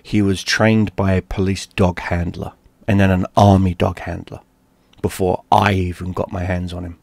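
The audio is dry and close, free of room echo, as a low-voiced London gaming streamer recounts a personal story at a moderate pace. His voice is creaky, and he is animated and profane, acting out the shouted parts as he goes.

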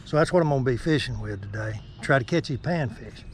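Man, fishing vlog host, soft-spoken, folksy, outdoors by a lake, faint background ambience. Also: mid-range voice, lively intonation, quick pace, background noise. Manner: talks softly and folksy, addressing viewers as folks. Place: outdoors on the bank of a small neighborhood lake.

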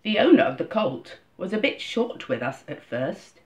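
A woman reading a scripted first-person reflection at a church service, in a measured storytelling manner. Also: on the low side, big pitch swings, a little mellow. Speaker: church reader. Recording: dull lo-fi recording.

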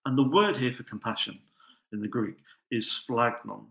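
A man's voice: medium pitch, normal speed, vocal fry, a bit bright. A man preaching a sermon, telling a story with rhetorical questions. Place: church. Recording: echoey church hall.

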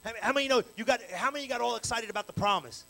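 High, bright-voiced fiery male preacher. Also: racing, gravelly, low-quality recording. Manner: animated, colloquial preaching with call-and-response. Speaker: pastor. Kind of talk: live evening sermon. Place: church sanctuary, live service. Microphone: handheld microphone.

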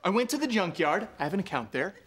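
An actor playing a young, goofy, careless big brother with a loud, excitable way of talking. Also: male voice, high-pitched, quick pace, a crowd in the background. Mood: proud. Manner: loud, excitable, often shouting. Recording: noisy sitcom audio with studio audience laughter.

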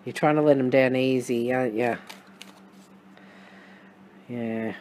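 An Australian tarot reader talks through a reading in a mid-range, steady voice with a slightly dark tone, at a slow pace. He's casual and musing, tossing in wry, sarcastic asides, and thinks aloud with lots of restarts and fillers. A little hiss or hum sits under the recording.

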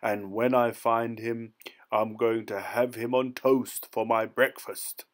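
A man's voice: lowish voice, little pitch movement, slow. A man voicing a huge, angry, man-eating male giant in a storybook reading, growling and bellowing.

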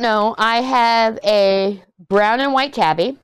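A woman chatting casually and excitedly through a diamond painting unboxing. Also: medium pitch, slow pace, few pauses, clear, resonant tone, no room sound. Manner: chatty, excited, hums while working. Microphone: desk mic.

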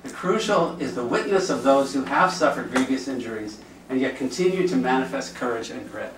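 Priest teaching a class in an echoey room. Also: male voice, medium pitch. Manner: conversational, acts out quoted speech. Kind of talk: informal teaching talk. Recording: echoey room, distant mic, faint noise.

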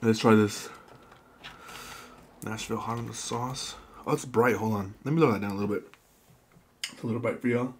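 A man's voice: lowish voice, steady tone, a little fast, long pauses, slight background noise. A young man chatting casually with viewers while eating a big meal on camera, talking between bites. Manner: quiet murmured prayer. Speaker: mukbang vlogger. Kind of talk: casual eating vlog chat.

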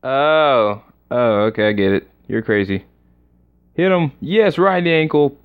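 A young man casually commenting on a game during a livestream, excitable and rambling as he reacts aloud. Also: mid-range voice, unhurried, clear, resonant tone. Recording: slightly dull lo-fi recording.

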